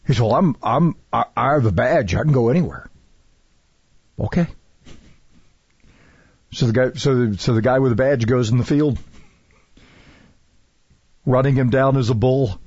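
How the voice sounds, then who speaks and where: A man's voice: mid-range voice, normal speed, long pauses, a little mellow, slightly rough, no echo, lo-fi sound. A man hosting a talk radio show, chatting casually and rambling with many fillers and restarts.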